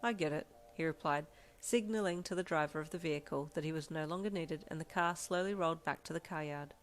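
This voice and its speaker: A woman reading a second-person fan fiction story aloud in a steady, measured storytelling voice. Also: low-pitched. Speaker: fanfiction reader.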